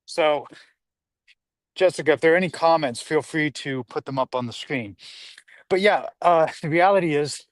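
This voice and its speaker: Walking his dog outdoors on a hillside street, a man hosts a casual livestream, rambling, reading viewer comments aloud and sounding slightly out of breath. His voice is on the high side at a moderate pace, recorded dry.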